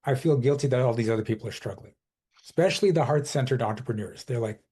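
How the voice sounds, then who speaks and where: A man with a dark, husky voice talks as a coach on a podcast. He explains firmly and with conviction, often voicing what people tell themselves. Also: medium pitch, fast talker. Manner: emphatic, explains with quoted inner dialogue. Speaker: transformational coach, podcast guest. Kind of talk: conversational podcast interview.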